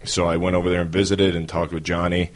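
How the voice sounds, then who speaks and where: A man with a New York accent, a wrestler telling stories as a podcast guest in a relaxed way with many fillers. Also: deep voice, fast talker. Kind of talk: casual interview talk.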